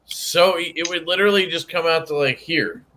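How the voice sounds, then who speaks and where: A man's voice: fairly high pitch, moderate pace, a crowd in the background. A man hosting a casual chat, joking crudely and talking with lots of energy. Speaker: host.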